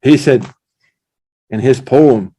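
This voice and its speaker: In a mid-range voice and at a slow pace, a middle-aged man who is an Islamic scholar gives an informal religious lecture. Vivid storytelling, slang, and Arabic recitations fill his talk.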